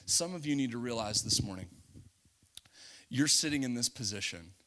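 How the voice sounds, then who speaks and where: A male preacher giving an animated sermon, laughing often and acting out scenes. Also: medium pitch, moderate pace.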